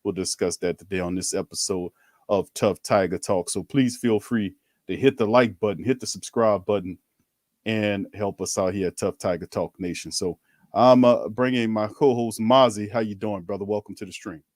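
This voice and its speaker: A man's voice: on the low side, fairly even intonation, normal speed, darkish tone, no echo, clean studio sound. A man hosting a casual sports talk stream, laid-back, slangy and chuckling. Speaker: podcast host.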